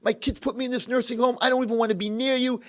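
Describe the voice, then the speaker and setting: A man doing a shrill cranky blind old man. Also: very animated, normal speed, breathy edge, heavily acted. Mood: angry shouting. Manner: shouting, high strained voice.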